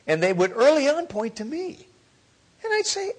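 Husky preacher with lively swings. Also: male voice, fairly high pitch, normal speed. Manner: swings from hushed near-whispers to loud exclamations; humorous storytelling. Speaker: pastor. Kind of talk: sermon.

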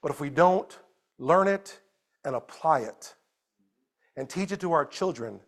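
A man preaching a sermon as a pastor at a church service, animated, moving between loud exclamations and quiet storytelling. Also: on the high side, unhurried.

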